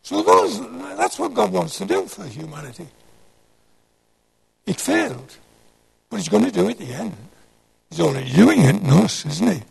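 A man's voice: high-pitched, very animated, normal speed, vocal fry, pauses often, darkish tone, breathy edge, rough recording. A man, giving a rambling sermon talk and asking the audience questions as he digresses. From North East England. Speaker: Christian speaker.

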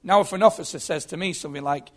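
A man's voice: fairly high pitch, rapid-fire. A man telling his own story as a Christian testimony, earnest and often repeating his words. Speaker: former prisoner giving testimony.

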